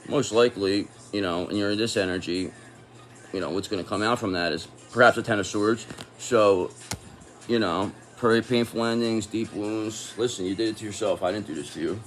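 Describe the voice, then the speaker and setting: A man's voice: on the low side, fairly quick. A man giving a casual tarot reading, talking in an angry, profane and confrontational way. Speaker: tarot reader.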